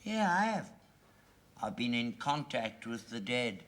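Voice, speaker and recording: A man's voice: medium pitch, sing-song, unhurried, fairly bright tone. An actor playing a gullible older rag-and-bone man, earnest and insistent in a sitcom scene. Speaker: father. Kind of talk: 1970s sitcom acting.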